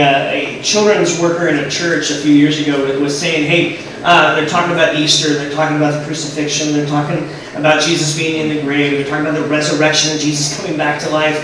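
A man with a somewhat high voice delivers a sermon as a relaxed storyteller. He keeps it conversational, asks his listeners questions and slows down to let key lines land. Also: noisy background. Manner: storytelling, conversational, with rhetorical questions and slow pauses for emphasis. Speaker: pastor.

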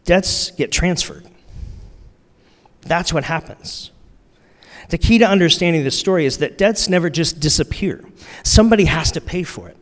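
A man preaching a sermon in a relaxed, conversational way, using slang and repeating his key lines for emphasis. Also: fairly high pitch, moderate pace. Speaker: pastor. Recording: long reverb of a large hall.

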